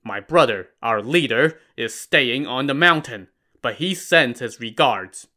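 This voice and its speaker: A man voicing a drunk, boastful male bandit chieftain with a loud, cocky, jovial manner. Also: mid-range voice, lively intonation, unhurried.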